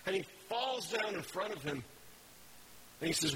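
Brief: male preacher, bright tone, chatty and halting, faint hiss. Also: high-pitched, expressive, poor audio. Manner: casual, rambling, with fillers and self-corrections. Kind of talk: conversational sermon with slides.

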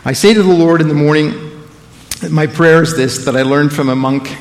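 A man preaching a sermon and praying over a congregation, swinging between loud emphatic lines and hushed, intimate phrases. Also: on the high side, normal speed, in a large hall. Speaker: guest preacher. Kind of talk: sermon and prayer. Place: church sanctuary.

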